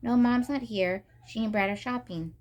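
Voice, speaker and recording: A woman's voice: fairly high pitch, moderate pace, darkish tone, lo-fi sound, voice pushed up, lightly acted. A woman reading aloud as a prim, bossy teenage sister in a storybook, with a haughty, dismissive tone. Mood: polite.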